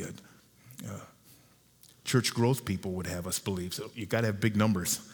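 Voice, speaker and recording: A man preaching a sermon as pastor, earnest, repeating and slowing down key lines for emphasis. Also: lowish voice, husky. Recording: long hall reverb.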